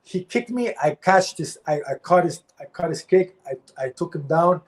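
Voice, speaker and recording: Male ex-fighter guest, blunt and profane, slightly high voice, repeats himself when angry. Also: lively intonation, moderate pace, poor audio. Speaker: former pro fighter, guest. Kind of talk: candid interview talk.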